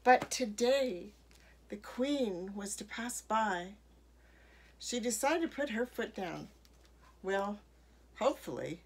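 A woman reading a children's picture book aloud in an expressive way. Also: medium pitch, a little hiss or hum. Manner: expressive, slow read-aloud. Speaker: storyteller.

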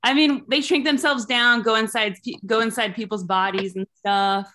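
A woman in her thirties doing a rambling, deadpan stand-up set over Zoom. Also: a little high, normal speed. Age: 30s. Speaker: stand-up comedian.

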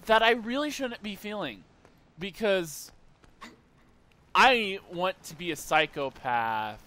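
A man's voice: high voice, big pitch swings, slow, pauses often, sharp tone. A young man casually commenting while playing a video game, rambling and wistful with sudden playful outbursts. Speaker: gameplay streamer.

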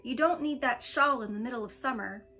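A woman's voice: on the high side, a little fast, sharp tone, soft background music. A woman reading aloud, voicing a weary, gloomy middle-aged husband who sighs and grumbles. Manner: sighing, grumbling.

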